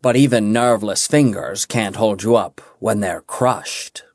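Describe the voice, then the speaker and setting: A cruel dwarf villain from a fantasy audiobook, played by a male narrator. He speaks slowly and quietly, every word a cold threat. The recording is close and dry. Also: lowish voice, no echo. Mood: taunting. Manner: slow, quiet and menacing.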